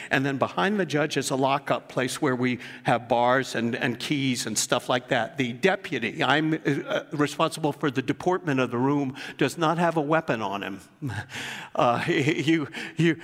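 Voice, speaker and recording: Older man, pastor, earnest storytelling sermon, somewhat high voice, long church reverb. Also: fairly bright tone. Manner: earnest storytelling preacher, rising to emphatic passages. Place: church sanctuary.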